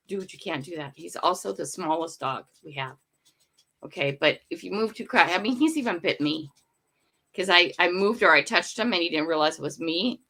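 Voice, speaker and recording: Speaking low with some vocal fry and a slightly bright edge, this older woman hosts a relaxed morning livestream from her home. She wanders from topic to topic, talking both to her viewers and to her dogs.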